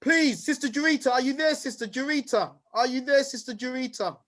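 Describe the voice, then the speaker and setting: Lively high-voiced man hosting. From United Kingdom. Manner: energetic, playful shout-outs, rapid lists. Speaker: host. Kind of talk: lively online event hosting.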